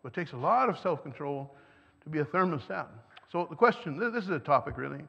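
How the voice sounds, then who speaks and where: An older man, native German speaker, preaching to parents in a church hall with a high, gravelly voice. He keeps asking the listeners questions and chuckles between points. The sound carries a long church reverb and a dull, lo-fi tone. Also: animated, quick pace. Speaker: church teacher. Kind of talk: teaching sermon to parents. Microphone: microphone.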